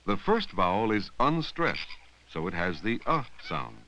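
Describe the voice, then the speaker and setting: A man narrating an old educational film about reading long words, speaking slowly and deliberately and stretching out words to show their sounds. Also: on the low side, very animated, sharp tone, a little hiss or hum, low-quality recording. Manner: slow, deliberate, drawing out words to teach sounds. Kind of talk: scripted instructional narration. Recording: dry, close voice-over from an old 16mm film.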